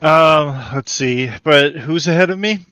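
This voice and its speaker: A man's voice: on the high side, unhurried, bright, forceful tone, smooth, no room sound. A man player in a streamed tabletop game, eager and chatty. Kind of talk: casual chat.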